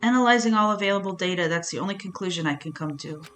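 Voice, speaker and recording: A woman voicing a gentle, polite computer program in a game, speaking softly and apologetically. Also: lowish voice, fast talker, faint music behind, lightly acted.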